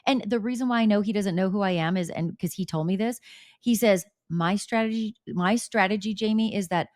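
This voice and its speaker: A woman's voice: medium pitch, a little fast, no room sound, clean studio sound. A woman hosting a podcast, telling candid gossip stories in casual chat with blunt swearing. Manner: animated, candid storytelling with swearing. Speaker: podcast host.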